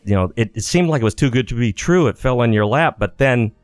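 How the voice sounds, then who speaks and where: A man's voice: mid-range voice, animated, fast, no room sound. A man hosting a radio interview, asking long rambling questions with restarts and asides. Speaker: radio show host. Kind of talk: casual interview chat.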